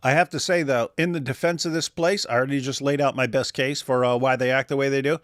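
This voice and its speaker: A man's voice: mid-range voice, fairly even intonation, quick pace, a bit bright, no room sound, clean studio sound. A man hosting a casual reaction commentary, telling rambling stories with jokes and sarcasm. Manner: rambling, joking, sarcastic storytelling. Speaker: commentary host.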